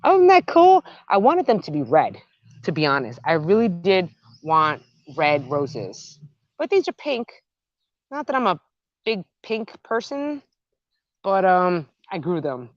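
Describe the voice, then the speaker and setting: A woman chatting excitedly as she walks a phone camera through her backyard garden. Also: fairly low pitch, slow pace, no room sound, highs cut off. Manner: chatty and excitable, gushing over her plants. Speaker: gardening vlogger. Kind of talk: casual walk-and-talk vlog.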